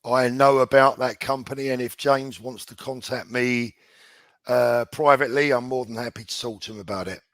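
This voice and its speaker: A man as a livestream guest, speaking in a measured, direct way. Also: mid-range voice, fairly even intonation, a bit bright, no room sound. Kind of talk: casual livestream chat.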